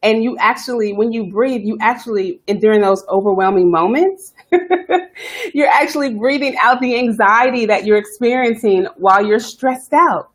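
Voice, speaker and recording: Woman, self-care coach, live-stream chat, fast-talking, greets viewers. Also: on the high side. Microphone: webcam or phone live stream.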